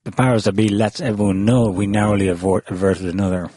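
A man's voice: lowish voice, steady tone, fast talker, warm tone, slightly rough, dry recording. A man hosting a casual panel discussion, chatty with frequent ums and restarts. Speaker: podcast host.

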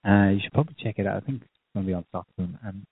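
Man, emphatic political talker, husky, low voice, tinny phone sound. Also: very fast, no room sound. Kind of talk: political discussion. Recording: phone-like dry line.

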